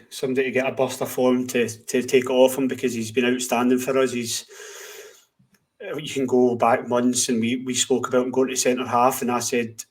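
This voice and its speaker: Flat-voiced man talking football. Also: medium pitch. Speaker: podcast co-host. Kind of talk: casual football chat.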